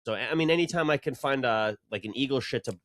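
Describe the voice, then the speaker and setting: A man's voice: mid-range voice, quick pace, a bit bright, no echo. A man co-hosting a sports podcast, telling long-winded stories in a rambling, profane way with lots of restarts. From New England. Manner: rambling, profane, self-interrupting. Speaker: podcast co-host. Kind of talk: casual sports chat.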